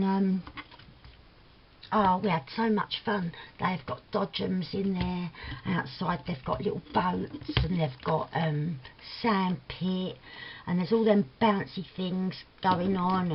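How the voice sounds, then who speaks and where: A woman's voice: fairly low pitch, slow. An older woman with a Cockney London accent, chatting casually and rambling through a crafting vlog, laughing often and using homely slang. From England. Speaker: crafting vlogger. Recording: slightly dull lo-fi audio with faint noise.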